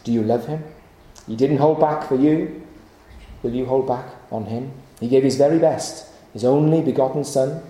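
Warm and mid-range, this man's voice moves at a moderate pace as he delivers an evening sermon in an echoey hall, earnestly pleading with the audience through repeated rhetorical questions.

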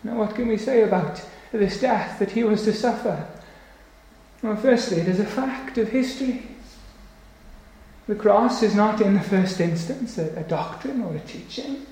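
A male preacher delivering a solemn, emphatic sermon, slowing down on key phrases. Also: high-pitched, a little mellow. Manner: solemn, emphatic, slows for weight. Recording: very echoey church hall.

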